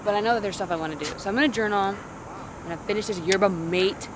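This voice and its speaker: A woman's voice: medium pitch, fast, noisy background. Rambling young woman vlogging outdoors. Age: young adult. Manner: rambling, slangy, self-interrupting. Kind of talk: casual vlog chat. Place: outdoors in a city in the morning.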